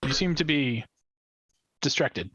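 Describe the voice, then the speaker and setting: A man speaking as his mech pilot in a tabletop game, formal and mock-polite, with a husky voice. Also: mid-range voice, animated, slow pace, fairly bright tone, no echo, exaggerated voice. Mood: mock-concerned.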